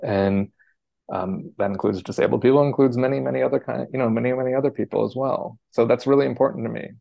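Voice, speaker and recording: A man being interviewed, answering in a thoughtful, hesitant way with many pauses, fillers and restarts. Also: mid-range voice, steady tone, vocal fry, dry recording, highs cut off. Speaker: architecture scholar, interviewee.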